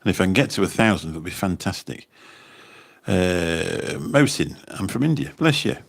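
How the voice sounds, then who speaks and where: Very animated and at a moderate pace, a low-voiced man with vocal fry chats on his livestream. This taxi driver rambles, repeats words, and reads viewer comments into a phone.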